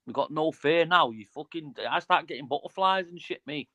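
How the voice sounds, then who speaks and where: A man's voice: fairly high pitch, a little fast, bright, forceful tone, no echo, dull audio. A man, swearing a lot in laid-back casual chat as a guest on a live stream. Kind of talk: casual banter.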